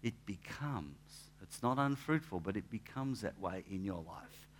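A man, a pastor giving a relaxed, anecdotal sermon in church, with asides and restarts. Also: on the low side, measured pace, a little hiss or hum. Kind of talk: conversational sermon.

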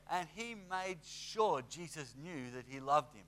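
Lively conversational male preacher. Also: fairly high pitch, unhurried. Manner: conversational, animated with acted asides. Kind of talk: sermon.

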